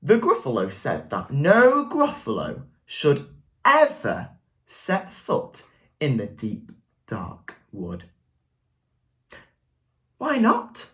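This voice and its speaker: A woman teacher with a low, very lively voice, reading a picture book to young children at an unhurried pace. She asks coaxing questions and is quick to praise each answer.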